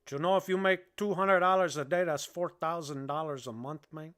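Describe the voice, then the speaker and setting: A man's voice: a little high, brisk, a bit bright, clean tone, lightly acted. A man putting on a brash Cuban gangster with a Cuban Spanish accent, rambling and boastful with constant "man"s. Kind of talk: comedic impression on a livestream.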